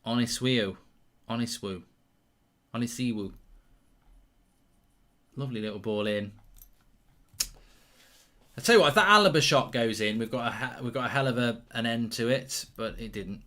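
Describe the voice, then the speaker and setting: Bright-voiced man on a live watchalong. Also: mid-range voice, brisk, long pauses. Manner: excitable, reacts loudly to chances, reads out viewer questions. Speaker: host of a live football watchalong. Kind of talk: live match commentary and chat with viewers.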